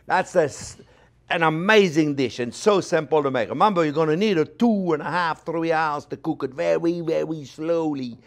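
Animated French chef, slightly high voice. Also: male voice, moderate pace. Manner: animated, chatty, playful with sound effects and exclamations. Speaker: cooking show host, chef teaching. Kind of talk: casual cooking demonstration.

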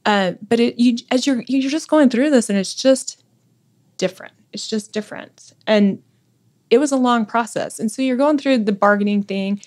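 Speaking at a normal speed, a forties-aged woman guesting on a podcast opens up sincerely in a personal exchange. She frequently lowers her voice to a quiet hush.

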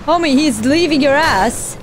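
A woman reacting to a game on her own channel, sounding teary and half laughing as she comments in a high voice. She talks slowly and drawn out, with clear background noise behind her. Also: lively intonation. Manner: sing-song, teary, laughing. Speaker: gaming channel host.

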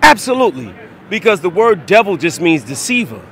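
A man preaching on a city street outdoors, combative and lecturing, often raising his voice to a shout. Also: high voice, big pitch swings, a little fast.

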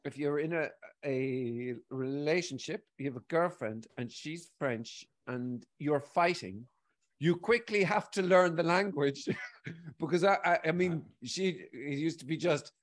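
A man's voice: on the high side, measured pace. An Irish man in his forties, rambling and swearing freely in casual conversation as a guest. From Ireland. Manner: rambling, frequent swearing, animated. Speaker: guest speaker.

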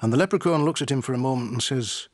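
An actor playing a weary, dry-witted divorce solicitor, who speaks in a measured, formal way and narrates. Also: male voice, medium pitch, lightly acted. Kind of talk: radio drama with narration.

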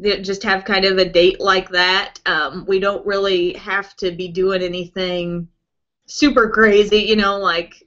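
A woman's voice: medium pitch, flat delivery, unhurried, a bit bright, highs cut off. A woman beauty vlogger hosting a live broadcast, chatting casually in answer to viewer questions and rambling with lots of "um" and "like". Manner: chatty, rambling, with many fillers like "um" and "like".

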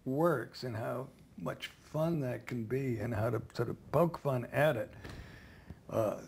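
A man's voice: mid-range voice, slow pace, vocal fry, a little mellow, slightly rough. A man, a playwright being interviewed, muses on his craft and puts rhetorical questions to himself. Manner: musing, asks himself questions. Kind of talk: reflective interview answer.

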